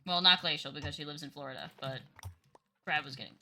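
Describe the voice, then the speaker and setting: A woman from New Jersey hosting a gaming stream, talking casually and rambling with restarts. Her voice is very bright and sharp, set a little low in pitch. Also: fast, slight background noise. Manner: chatty, rambling with many restarts and laughs. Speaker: streamer host. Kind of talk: casual chat while gaming.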